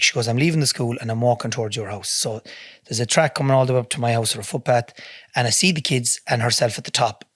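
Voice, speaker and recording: A man's voice: medium pitch, a bit bright, no room sound. An Irish man, a podcast guest, telling a story in a blunt, heavy-swearing way in a studio. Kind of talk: casual storytelling.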